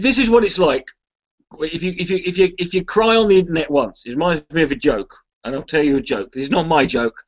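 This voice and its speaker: Sweary comedian rambling over a muffled webcam. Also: male voice, fairly high pitch. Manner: sweary, self-mocking, reads chat aloud. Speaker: comedian hosting a charity livestream. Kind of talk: casual rambling livestream chat.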